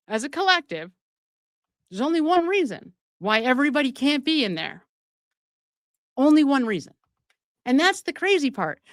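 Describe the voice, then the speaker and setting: Animated woman hosting true-crime commentary. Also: a little high, no echo, studio quality. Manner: emphatic, with rhetorical questions to viewers. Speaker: show host.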